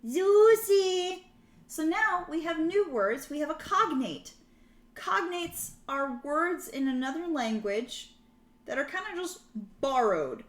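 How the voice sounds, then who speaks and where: Speaking slowly in a high voice with lively intonation, a woman streams her language practice, reading prompts out loud and translating them while fixing her own mistakes in casual conversation. Keyboard typing and clicks sound in an echoey, noisy room.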